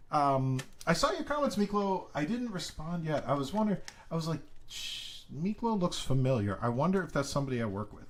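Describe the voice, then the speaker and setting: A man hosting a casual live stream, telling rambling stories and greeting viewers by name with excitement. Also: a little high. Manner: chatty rambling storytelling. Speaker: live stream coin seller.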